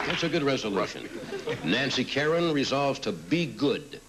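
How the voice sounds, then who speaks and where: A middle-aged man hosts a late-night talk show and reads audience cards with wry, teasing quips. His voice swings up and down lively, while a big studio audience roars with laughter behind him. It sounds like an old broadcast taped off the air, with steady hiss. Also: mid-range voice, moderate pace, over a noisy crowd. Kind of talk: reading audience cards with jokes.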